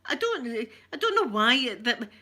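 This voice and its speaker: A Scottish woman talks casually to her livestream viewers, her voice bright and pitched a touch high. Her speech is broad and rough-edged. She jokes and laughs often as she chats. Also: very animated, unhurried. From Scotland. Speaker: ASMR livestream host. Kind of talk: casual chat.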